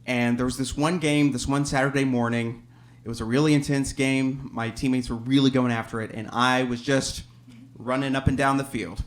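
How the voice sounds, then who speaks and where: A man's voice: medium pitch, steady tone, normal speed. A man from Alabama telling a personal story on a theater stage, wry and self-deprecating, often chuckling as he talks.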